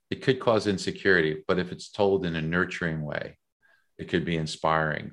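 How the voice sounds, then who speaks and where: Very deep-voiced, reflective man. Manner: reflective, measured, many fillers. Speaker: guest, author. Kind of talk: conversational interview.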